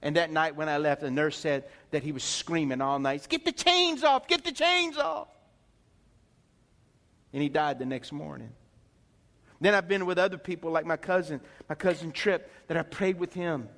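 A man's voice: on the high side, steady tone, moderate pace. A male pastor preaching a sermon, emphatic, peppering the congregation with rhetorical questions. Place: church sanctuary. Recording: long reverb in a church hall.

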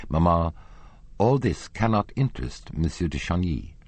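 A man's voice: sits low, sing-song, normal speed, darkish tone, husky, dry recording, exaggerated voice. A man voicing a proud, secretive young woman singer in an audiobook. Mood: pleading.

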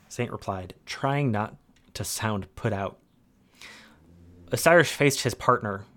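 A man reading game lore aloud in a calm, steady storytelling manner. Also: fairly low pitch, measured pace.

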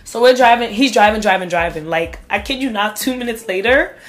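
A young woman telling a story in casual chat, animated and acting out the voices of the people in it. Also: medium pitch, fairly quick, faint music behind. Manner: animated, acts out voices while telling stories.

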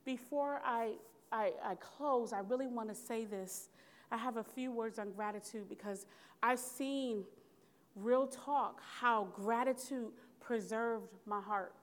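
A woman delivers a sermon with a fairly high voice. Her preaching is earnest and conversational. She turns to the listeners with quick questions and calls for amens. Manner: earnest, conversational preaching with call-and-response asides.

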